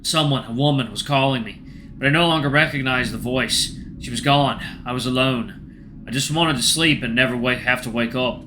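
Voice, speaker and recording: A man hosting a gaming channel, reading a game's first-person story aloud in a hushed, tense way. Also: mid-range voice, moderate pace, faint music behind.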